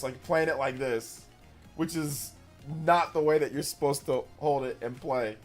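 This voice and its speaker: A man's voice: mid-range voice, fairly quick, a little mellow, faint music behind. Rambling blunt man streaming. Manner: rambling, blunt, repeats himself. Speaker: gaming livestream host. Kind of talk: casual livestream chat.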